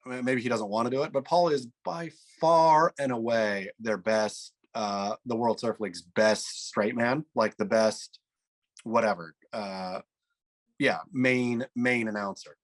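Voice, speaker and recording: A man's voice: medium pitch, steady tone, measured pace. Male co-host with a mid-range voice, loose and rambling in casual chat. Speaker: podcast co-host.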